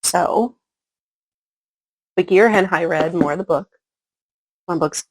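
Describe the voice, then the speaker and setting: Woman book vlogger, slightly low voice, loose rambling recap with lots of fillers. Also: slow pace, poor audio. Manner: rambling, filler-heavy retelling with frequent "like" and "um". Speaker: book reviewer. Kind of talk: casual chapter-by-chapter book recap.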